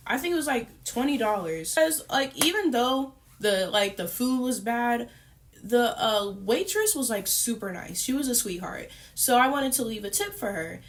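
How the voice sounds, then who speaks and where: A young woman vlogger talks straight to her viewers in a casual storytime. Her voice sits a little high, and she rambles along with plenty of fillers as she retells what happened. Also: moderate pace. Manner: chatty, animated retelling with many fillers. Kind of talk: casual storytime while eating.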